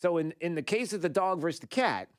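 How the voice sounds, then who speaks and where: A man's voice: sits high, lively intonation, quick pace, no echo. Male talk radio host, rambling monologue, lots of fillers, dry close studio sound.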